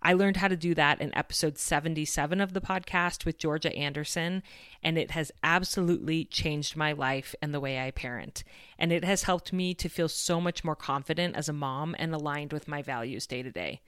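A woman's voice: deep voice, brisk, a bit bright, clear, resonant tone, dry recording, studio quality. A woman in her thirties hosting a parenting podcast, telling a personal story in an earnest, reflective way. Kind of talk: scripted podcast monologue.

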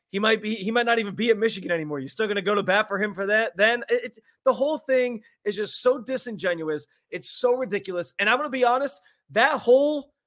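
High-pitched man ranting scornfully. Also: bright, forceful tone. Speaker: podcast co-host. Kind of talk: casual sports chat.

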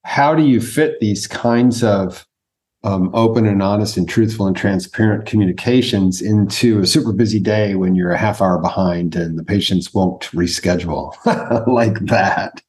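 A man with a fairly low voice hosts a conversation. He explains his coaching ideas in a steady, measured way. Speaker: physician coach, host. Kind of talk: podcast conversation.

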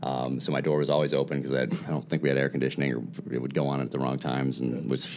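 A man's voice: rumbling low, little pitch movement, fast talker, darkish tone. A man who is a guest on a podcast, talking candidly and casually, with many restarts and easy laughs. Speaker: guest, former special operations instructor.

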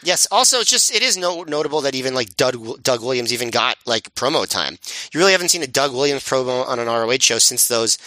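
A man co-hosting a casual podcast with a crisp, bright voice and dry, joking asides. The sound is close and dry, with no room echo. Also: mid-range voice, animated, fast. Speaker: podcast co-host.

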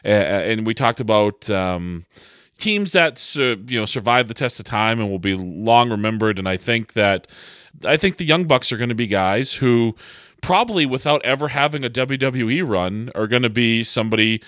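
A man speaking as a podcast guest in casual chat, joking and halting with many fillers. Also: medium pitch, lively intonation, a bit bright, no echo, clean studio sound.

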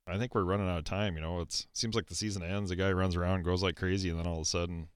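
A man with a low, deep voice co-hosts a casual racing talk show. He rambles and jokes in an easygoing way. The sound is dry and close, with no room around it. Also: fairly even intonation, rapid-fire, clear, resonant tone, dry recording. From South Dakota. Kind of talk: casual chat.

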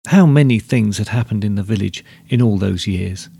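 Guy reading a story aloud, steady and measured, gravelly voice, dry sound. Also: on the low side, dry recording. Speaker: narrator.

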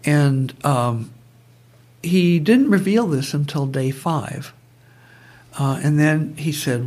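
A man's voice: a little high, lively intonation, slow, a little mellow. A man guest telling stories in conversation, digressive and prone to tangents. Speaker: guest, brainwave trainer. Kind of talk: conversational storytelling.

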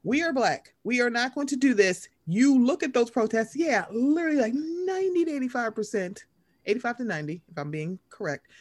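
Young woman co-host, animated and foul-mouthed, acts out quotes, bouncy pitch. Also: brisk. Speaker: podcast co-host. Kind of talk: casual reality-TV gossip chat.

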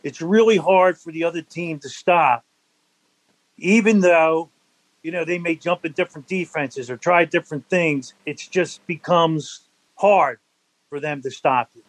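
An older man, a former football center, telling stories from his playing days in a relaxed interview, laughing now and then. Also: fairly high pitch, unhurried, no room sound, rough recording. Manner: animated anecdotal storyteller, laughs between stories. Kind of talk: storytelling in a conversational interview.

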